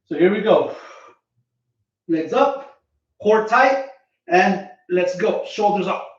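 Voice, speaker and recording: A man's voice: high-pitched, lively intonation, slow pace, long pauses. A man coaching a home workout, counting his reps aloud as he exercises, recorded from a distance in a room at home. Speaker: fitness coach. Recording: echoey distant lo-fi home video.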